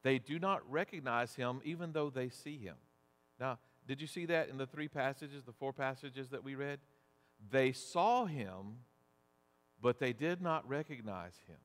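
A man preaching a sermon as pastor, deliberate and measured, asking rhetorical questions. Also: mid-range voice. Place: church sanctuary. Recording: long church reverb.

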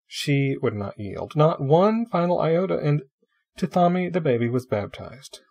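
A man reading a classic short story aloud with expressive, dramatic storytelling. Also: medium pitch, husky. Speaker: narrator.

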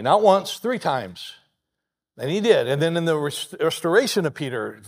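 A man pastor preaching a sermon, telling the story lively and acting out the people he quotes. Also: sits high, brisk.

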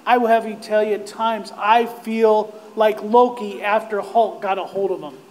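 A male pastor preaching a sermon, earnest and direct with his listeners, growing impassioned and nearly shouting at the peaks. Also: high voice, steady tone, normal speed, a little hiss or hum. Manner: impassioned, rising to near-shouts on quoted cries.

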